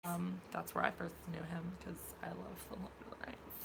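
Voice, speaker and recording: A woman co-hosting a casual live-stream chat, playful and quick to laugh, with plenty of fillers. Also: on the low side, flat delivery, vocal fry, slight background noise. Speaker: podcast co-host.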